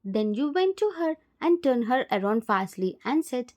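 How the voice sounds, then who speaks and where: A woman narrating a fan fiction story in second person, in a plain, steady storytelling manner. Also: a little high, moderate pace.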